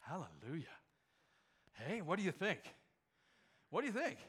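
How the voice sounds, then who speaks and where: A man's voice: on the high side, wildly swooping pitch, moderate pace, a bit bright, breathy edge. A male pastor preaching a sermon with emphasis, firing rhetorical questions at his congregation.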